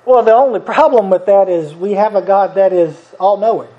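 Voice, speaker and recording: A man's voice: sits high, normal speed. A middle-aged man preaching a sermon in a folksy, conversational way, chuckling as he talks. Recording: dull lo-fi recording.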